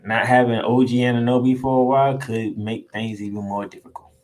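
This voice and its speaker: Excitable, swearing male sports podcaster. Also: medium pitch, fairly quick, rough recording. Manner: emphatic, excitable, swears freely; casual slangy delivery with frequent restarts. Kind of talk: solo sports recap monologue.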